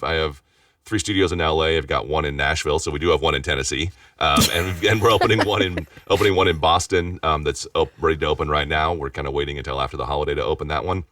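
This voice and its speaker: A man with a very deep voice talks quickly, tumbling through restarts and repeated words. He sits back from the microphone, so he sounds distant, though the sound stays dry and free of room echo. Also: a bit bright. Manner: rapid talker with frequent restarts and repeated words. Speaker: interview guest, voice actor and studio owner. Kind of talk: casual conversational interview.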